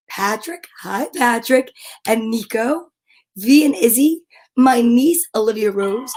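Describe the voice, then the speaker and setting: Animated high-voiced New Jersey woman. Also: low-quality recording. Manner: animated, playful, sing-song greetings. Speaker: children's show host. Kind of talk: cheerful live-stream chat for kids.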